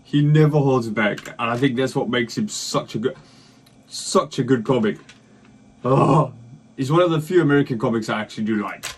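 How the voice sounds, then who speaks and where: A man's voice: mid-range voice, moderate pace, a little hiss or hum. A South African man hosting a reaction video, chatting casually and laughing along with a comedy clip. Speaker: reaction channel host.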